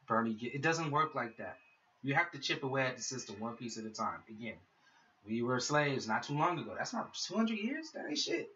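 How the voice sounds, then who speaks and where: A man's voice: medium pitch, sharp tone. A man hosting his own podcast, delivering a heated, profane solo rant aimed straight at his listeners. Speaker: podcast host. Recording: dull lo-fi sound, mic set back.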